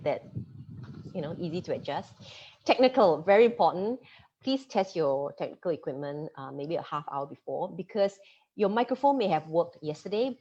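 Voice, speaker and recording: Fast-talking woman coaching online, husky voice. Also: on the low side. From Singapore. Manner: fast-talking, lively, laughs easily. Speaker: media coach giving a masterclass. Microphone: computer mic on a video call. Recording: dull lo-fi video-call audio.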